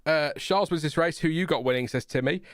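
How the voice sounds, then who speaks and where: Guy rambling on a live stream, lots of ums, smooth voice. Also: a little high, quick pace, no echo, studio quality. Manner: rambling, chatty, laughs often, many fillers. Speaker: livestream host. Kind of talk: casual live watchalong chat.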